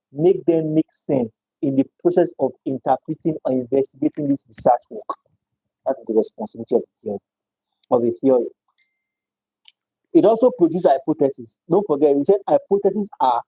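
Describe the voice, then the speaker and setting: A man gives a university lecture with a very mellow, dark tone and a slightly raised pitch. He repeats his points and keeps checking in with "all right?". The sound is dry and close to the mic. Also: slightly rough, dry recording, low-quality recording. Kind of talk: live-streamed economics lecture.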